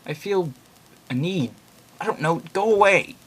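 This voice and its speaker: A scared young man fighting an urge to kill, his voice climbing higher and louder as he begs to be left alone, put on by a man reading a horror story aloud. He sounds panicked and desperate, his lines pitched above the reader's own. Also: moderate pace, close to an everyday voice. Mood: frightened pleading. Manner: pleading, panicky, raised voice.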